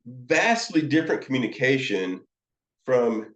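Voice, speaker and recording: A man gives a slow, unhurried lesson on counseling, often pausing and restarting his sentences. His voice sits a little low, and the room around him rings with echo. The sound is a bit dull and lo-fi. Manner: slow, halting, many fillers and restarts. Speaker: counseling supervisor. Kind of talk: teaching lecture with demonstrations.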